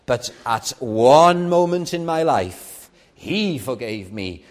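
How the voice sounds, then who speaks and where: A man's voice: mid-range voice, big pitch swings, takes it slowly, few pauses. Earnest man preaching a sermon. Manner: earnest, personal, with sudden soft drops and raised stresses.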